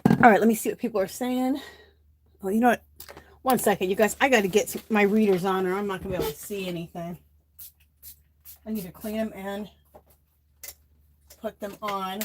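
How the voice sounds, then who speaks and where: Her mid-range voice keeps a steady tone and moves a little fast, broken by long pauses over a noisy background. She's a middle-aged woman on a home craft livestream, chatting loosely, calling out viewers by name, somewhat winded.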